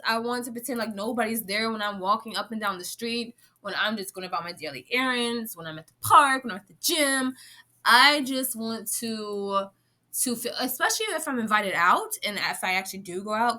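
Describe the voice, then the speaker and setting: A young woman talking casually to camera in a vlog, animated and swearing freely, often laughing and slipping into playful voices. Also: medium pitch. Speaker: vlogger.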